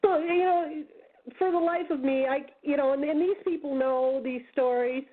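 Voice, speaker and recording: A woman from the United States, a guest on a talk radio show, telling stories in a casual, animated way and acting out the voices of the people in them. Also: high-pitched, moderate pace. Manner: animated storyteller, acts out quoted voices. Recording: tinny phone line.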